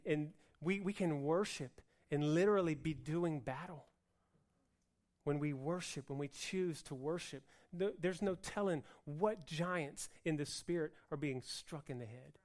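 A man preaching a sermon on Hebrew words for worship, mixing joking asides with loud, emphatic passages. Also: fairly high pitch. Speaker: pastor.

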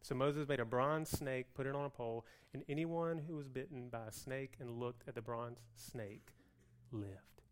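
A man preaching a sermon with lively swings between loud outbursts and hushed, slow passages, acting out the people's complaints. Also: mid-range voice, smooth. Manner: plays out the people's complaints in a whiny voice. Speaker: pastor.

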